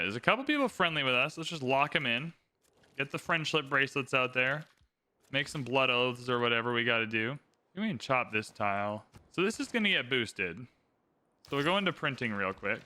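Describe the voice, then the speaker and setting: Upbeat man streaming, very bright voice. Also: mid-range voice. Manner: upbeat, thinks aloud, chats to viewers. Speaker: streamer playing a strategy game. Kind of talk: casual livestream gameplay commentary.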